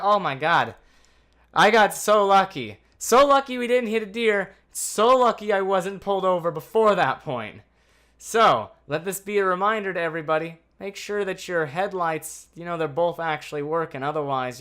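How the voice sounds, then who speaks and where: A man telling a casual storytime vlog in an animated, anxious way, swearing freely. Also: high voice, normal speed, clear, resonant tone. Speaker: vlogger.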